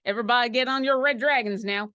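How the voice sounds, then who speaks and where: A woman's voice: fairly high pitch, bright, forceful tone, smooth, no echo, studio quality. Chatty woman painting miniatures on stream. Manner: chatty, quick asides, playful. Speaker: mini painting teacher. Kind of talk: casual livestream chat while painting.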